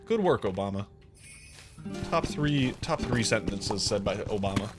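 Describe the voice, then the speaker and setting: A live streamer chatting casually while playing a game. The talk is rambling and self-deprecating, with quick asides to chat. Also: medium pitch, animated, loud music behind the voice. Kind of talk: casual gameplay commentary.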